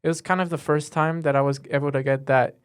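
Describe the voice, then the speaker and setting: A teenage boy, a student guest, answering in a casual interview with an earnest, halting way of talking and many fillers. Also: on the high side, fairly even intonation, clear, resonant tone. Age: teens.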